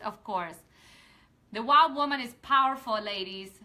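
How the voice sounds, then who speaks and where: A women's empowerment coach talks a little slowly to her online audience during a casual live stream, sincere and heartfelt. Her slightly high voice is bright and forceful; she rambles, restarts her sentences, then stirs viewers with rousing calls to action.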